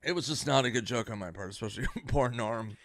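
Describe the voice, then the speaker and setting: Male comic storyteller, animated and profane, bright forward voice, dry sound. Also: mid-range voice, quick pace, no echo. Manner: animated, profane, acts out others' reactions. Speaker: comedian guest. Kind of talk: casual anecdote.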